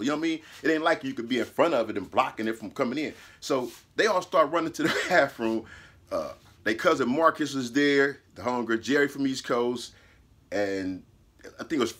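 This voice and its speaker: A man casually telling a personal story, animated and profane, laughing mid-sentence and acting out what people said. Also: mid-range voice, breathy edge.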